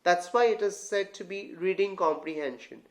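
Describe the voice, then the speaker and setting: Tutor voice for a reading lesson: mid-pitched, talks straight to the learners, repeats phrases, checks in with the viewers often. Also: normal speed. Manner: repeats and restarts phrases while explaining; addresses learners as guys. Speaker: English tutor. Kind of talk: online grammar lesson.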